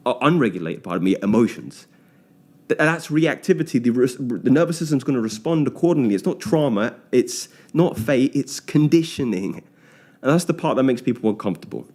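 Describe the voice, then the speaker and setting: A man's voice: medium pitch, darkish tone. A man giving a blunt, emphatic motivational monologue, often correcting himself mid-sentence. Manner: blunt, emphatic and lecturing, with frequent self-corrections. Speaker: speaker on self-discipline.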